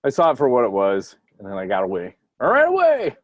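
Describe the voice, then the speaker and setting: A man's voice: deep voice, quick pace, a little mellow, no room sound, muffled recording. A man co-hosting a casual podcast chat, breaking into mocking put-on quotes. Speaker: podcast co-host.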